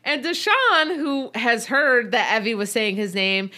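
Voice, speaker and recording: A woman's voice: fairly high pitch, a little slow, sharp tone. A woman co-hosting a podcast, casually recapping a reality show and acting out quoted lines with animation. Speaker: podcast co-host.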